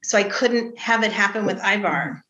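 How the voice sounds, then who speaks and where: A middle-aged woman novelist chats about her book in a bright, clear voice. She tells family stories with lively quoted voices. The sound is roomy and echoey, as from a video call. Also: mid-range voice, normal speed. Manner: animated storytelling, acts out quoted family voices. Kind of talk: casual book discussion.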